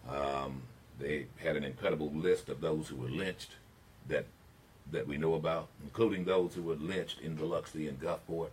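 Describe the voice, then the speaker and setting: A man's voice: very deep voice, steady tone, normal speed, a little hiss or hum. An older man hosting a call-in radio talk show, speaking in an opinionated monologue with emphatic, preacher-like swells. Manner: emphatic preacher-like delivery, swelling to near shouting on key points.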